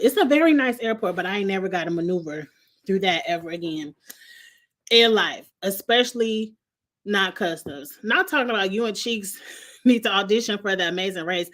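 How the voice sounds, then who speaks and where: Woman vlogger, chatty comic storyteller, slangy, laughs a lot, mid-pitched voice. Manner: lively, slangy, laughs often through the story. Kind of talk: casual comedic storytelling.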